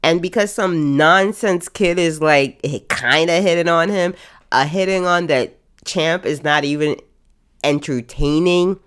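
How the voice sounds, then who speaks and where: A woman's voice: deep voice, unhurried, a bit bright, smooth. A woman hosting a casual podcast, giving an exasperated, emphatic rant with lots of repetition. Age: adult. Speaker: podcast host.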